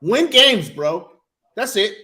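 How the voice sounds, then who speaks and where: High, bright excitable man. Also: slow pace. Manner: excitable, loud outbursts, profane. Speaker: podcast co-host. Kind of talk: casual sports chat.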